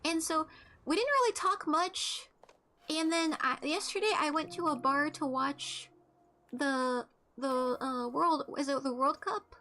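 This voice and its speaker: Very high-voiced, foul-mouthed young woman. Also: a little slow, sharp tone, a little hiss or hum. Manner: blunt, profane storytelling. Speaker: streamer. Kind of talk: casual chat while playing a game.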